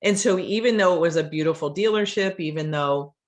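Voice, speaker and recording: Chatty podcast host, animated. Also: mid-range voice, brisk. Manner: chatty, animated, restarts words. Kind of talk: casual interview chat.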